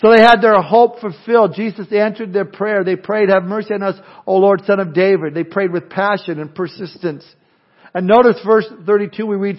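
A man's voice: sits high, steady tone, moderate pace. A male pastor preaching a sermon in an earnest way, full of rhetorical questions and folksy humor, on a dull lo-fi recording.

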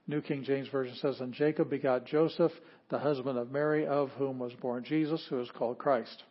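A man teaching a lecture on Greek grammar, explaining slowly, repeating phrases for emphasis and correcting himself as he goes. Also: medium pitch, dull audio.

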